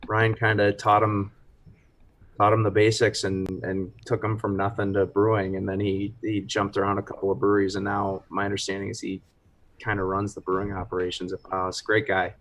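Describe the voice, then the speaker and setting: A lower-voiced man chatting casually about his brewery. He keeps his pitch very level and relaxed, restarting his sentences as he goes. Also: fairly quick. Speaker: brewery co-owner. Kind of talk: casual live chat.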